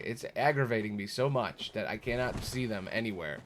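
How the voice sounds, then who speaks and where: A young man giving casual live commentary on a game he is streaming, talking back at it in an exasperated way with sudden high-pitched outbursts. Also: expressive, a little fast, few pauses, a bit bright. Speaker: gaming streamer.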